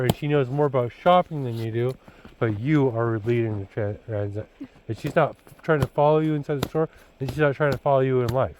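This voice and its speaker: A man's voice: medium pitch, a little mellow, slight background noise, low-quality recording. A man talking casually to his son about dating, blunt and preachy, looping back with filler words like "you know" and "dude". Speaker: father giving his son dating advice. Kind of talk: casual rambling vlog talk.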